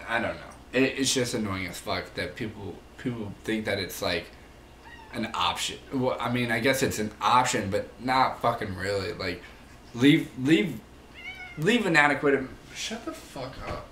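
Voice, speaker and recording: A man's voice: lowish voice, fairly bright tone, echoey room, slight background noise. A young man ranting casually to the camera about rude people, heated and profane, rambling as he goes. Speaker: vlogger; manager.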